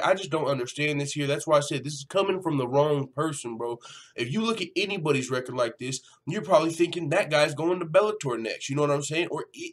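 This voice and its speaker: Profane, animated man ranting on MMA news. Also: fairly high pitch. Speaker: MMA news channel host. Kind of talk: casual commentary vlog.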